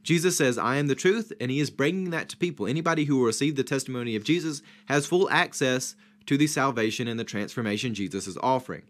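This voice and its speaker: Man, Bible study leader, structured teaching, emphatic questions, mid-pitched voice. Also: fast talker, hardly any pauses.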